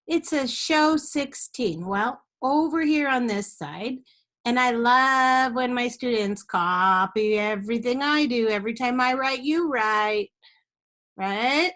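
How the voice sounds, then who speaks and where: A woman's voice: fairly high pitch, animated, takes it slowly, fairly bright tone. A woman teaching a step-by-step math lesson to young children, patient, with sing-song chants and frequent check-ins.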